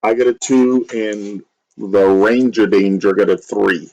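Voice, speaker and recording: Low-voiced man playing tabletop game. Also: steady tone, darkish tone, highs cut off, slight background noise. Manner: halting, restarts mid-sentence. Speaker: player. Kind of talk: casual tabletop game play.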